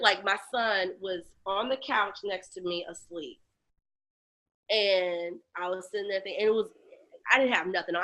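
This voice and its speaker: Bright-voiced woman telling her story. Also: slight background noise. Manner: animated, acts out voices of others, shifts to low quiet tones on painful memories. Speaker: guest, lactation educator. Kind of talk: candid personal storytelling in an interview.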